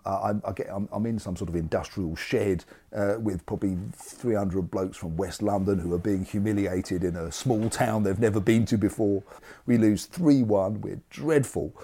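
A man wryly recounts a miserable away defeat, mocking his own team. His voice is lowish and mellow. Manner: dry, self-mocking. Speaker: football fan interviewee. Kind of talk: wry storytelling.

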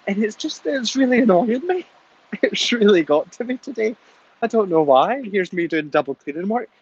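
A man's voice: high voice, muffled recording, a little hiss or hum. A man with a Scottish accent leaving a chatty, cheerfully ranting voice message for a podcast. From Scotland. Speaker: caller.

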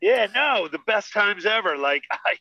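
A comedian from the United States, guesting on a podcast, telling emphatic, animated stories in casual chat. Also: male voice, high-pitched, measured pace, no echo, highs cut off.

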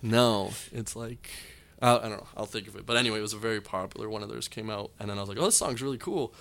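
A man's voice: on the low side, flat delivery, fast, creaky, fairly bright tone, clear, resonant tone. A young man, a comedian guest, telling long, rambling anecdotes in casual chat. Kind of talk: casual storytelling.

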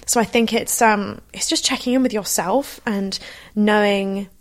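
A woman in casual conversation, animated and acting out quoted lines. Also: medium pitch, a little slow.

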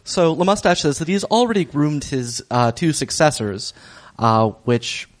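A mid-pitched voice that recaps the plot slowly and hesitantly, with pauses and fillers. The pitch moves a great deal from phrase to phrase, and the delivery stays dry and low-key. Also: big pitch swings. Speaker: podcast co-host recapping episode. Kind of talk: casual recap.

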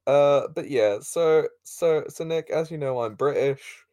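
A man's voice: fairly high pitch, unhurried, dark tone, smooth, dry recording, studio quality. A man co-hosting a casual podcast, retelling a show's plot with laughs, filler words and swearing. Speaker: podcast co-host recapping an episode. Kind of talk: casual chat.

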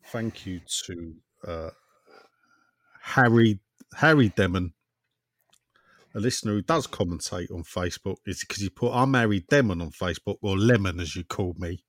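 A man co-hosting a casual football podcast, rambling and jokey, often trailing off quietly. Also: sits low, normal speed, dry recording. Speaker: podcast co-host.

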